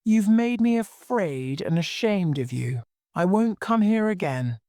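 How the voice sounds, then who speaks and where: Reader doing a courteous young gentleman, hurt, slow and dry. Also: mid-range voice, animated, dry recording, voice pushed up. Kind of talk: audiobook reading.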